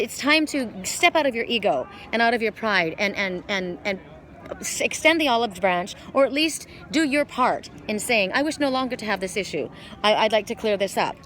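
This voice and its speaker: A woman's voice: fairly high pitch, fairly bright tone, a little hiss or hum. A woman giving a casual oracle card reading outdoors by the water, talking in a rambling way with many restarts. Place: outdoors by water in a wooded glen.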